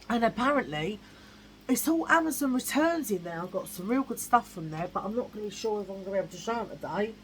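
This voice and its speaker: A woman's voice: medium pitch, lively intonation, brisk, a bit bright, slight background noise, rough recording. A woman vlogging in a blunt, chatty way, repeating herself for emphasis. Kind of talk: casual chat.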